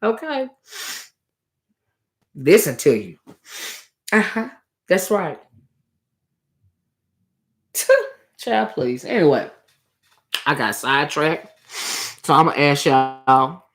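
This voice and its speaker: A woman giving impassioned opinion commentary, preachy and hollering at times, stumbling over her words and repeating phrases for emphasis, close on a loud microphone. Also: sits low, animated, slow, long pauses. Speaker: commentary channel host. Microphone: loud close desktop microphone.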